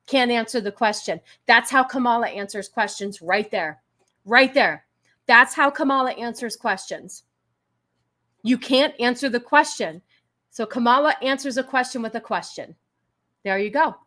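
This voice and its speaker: With a fairly high, animated, slightly bright voice at normal speed, this livestream host argues with her chat in an exasperated way during casual political commentary. She also thanks donors.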